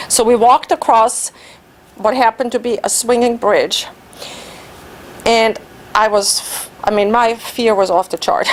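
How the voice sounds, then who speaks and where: A fairly high-voiced woman, a native German speaker, tells a personal adventure in an animated, self-mocking way. There is a faint steady hiss under the speech. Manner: animated storytelling, laughing at herself. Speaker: Toastmasters speaker. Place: club meeting room.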